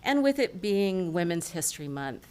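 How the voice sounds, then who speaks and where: A woman's voice: fairly low pitch, very animated, moderate pace, dark tone. A woman on a city council giving chatty, informal remarks in a meeting. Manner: chatty, tells jokes with put-on voices. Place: council chamber.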